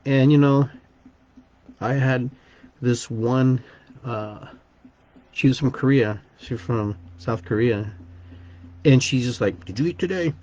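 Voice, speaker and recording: A man's voice: medium pitch, steady tone, slow, long pauses, a little mellow, highs cut off. A man hosting a podcast, telling a personal story in a rambling way, often repeating words and restarting sentences. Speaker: podcast host.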